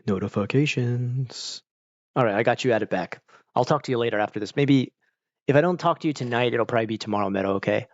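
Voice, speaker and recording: A man's voice: mid-range voice, fast talker, dry recording, highs cut off. A man chatting casually with viewers on a live stream, rambling and laid-back. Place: home, evening stream.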